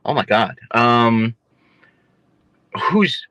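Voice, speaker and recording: Man, young, boxer trash talk, boastful, mocking, bright tense voice, dry sound. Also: medium pitch, expressive, very slow, no room sound. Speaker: guest boxer. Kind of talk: casual trash talk interview.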